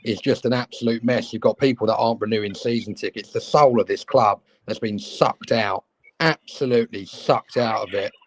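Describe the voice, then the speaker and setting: A man's voice: fairly low pitch, moderate pace, rough recording. A man on a football fan show, gloomy and swearing about his club. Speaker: guest fan. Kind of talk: heated fan call-in chat.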